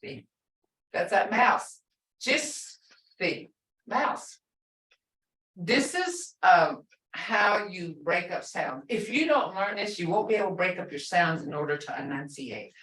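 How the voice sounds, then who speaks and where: A woman language instructor leading a class through slow, repetitive syllable drills and explaining pronunciation emphatically. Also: fairly low pitch, lively intonation, fairly bright tone. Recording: echoey room, voice from a distance.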